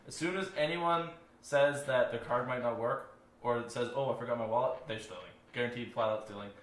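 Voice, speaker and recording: A man's voice: mid-range voice, fairly even intonation, brisk, a bit bright. A young man telling a blunt, laid-back story in a casual podcast chat. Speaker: podcast co-host. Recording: roomy, distant mic.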